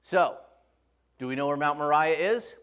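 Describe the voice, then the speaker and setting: A pastor preaching a conversational sermon in church, with humorous storytelling. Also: male voice, a little high, moderate pace, fairly bright tone, smooth.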